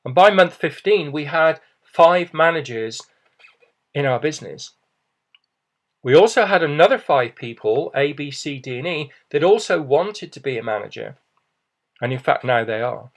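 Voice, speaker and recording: A man's voice: a little high, animated, moderate pace. A middle-aged man giving a persuasive business presentation, reassuring and often adding "okay" and "you know".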